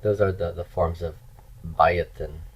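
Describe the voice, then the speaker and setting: A man's voice: low voice, steady tone, measured pace, husky. A middle-aged man teaching a language class, explaining step by step and checking in with his listeners. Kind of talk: lecture.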